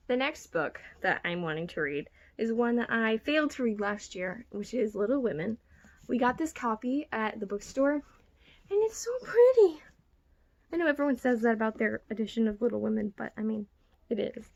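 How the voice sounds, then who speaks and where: A young woman with a fairly high voice talks casually to the camera from her bedroom. She is chatty and self-mocking, with quick giggly asides. The sound comes from a phone recording at home. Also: fairly bright tone. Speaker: book vlogger. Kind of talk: casual vlog chat.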